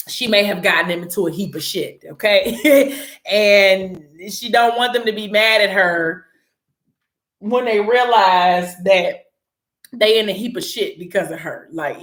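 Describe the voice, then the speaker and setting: A young woman recaps a story in a casual, animated way, full of slang and quick asides. Her voice sits at a middle pitch and rings in a roomy, echoey space. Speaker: book recap vlogger. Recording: roomy echo.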